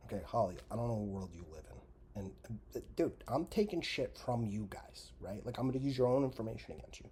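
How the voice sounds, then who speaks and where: A man's voice: lowish voice, brisk, a little hiss or hum. Sarcastic swearing man ranting. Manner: animated, sarcastic, heavy swearing, trails into mutters and whispers. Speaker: podcast host. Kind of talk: profane comedic rant.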